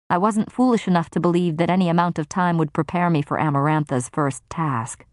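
A woman narrating a first-person fantasy novel in a measured, grave manner. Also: low voice, a little mellow, no room sound, clean studio sound. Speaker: audiobook narrator.

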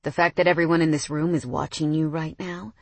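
A woman's voice: low voice, fairly even intonation, a little fast, vocal fry, no room sound. A woman narrator voicing a cocky, teasing young man with a smug, playful drawl.

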